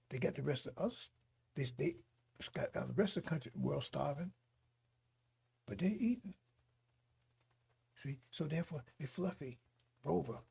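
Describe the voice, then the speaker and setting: Husky, gravelly male preacher. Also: a little high, normal speed, long pauses, warm tone. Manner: mocking, fiery preaching; chuckles between points. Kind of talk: broadcast sermon.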